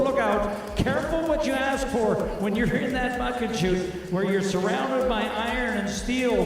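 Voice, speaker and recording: Excitable rodeo commentator man, arena echo. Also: high voice, recorded from a distance. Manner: excitable, cheers riders on. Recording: echoey arena PA heard from afar.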